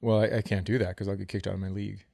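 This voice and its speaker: A man's voice: fairly low pitch, level tone, very fast, gravelly, warm tone, dry recording, clean studio sound. A man co-hosting a casual podcast, ranting comically and swearing freely. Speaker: podcast co-host. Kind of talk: casual chat.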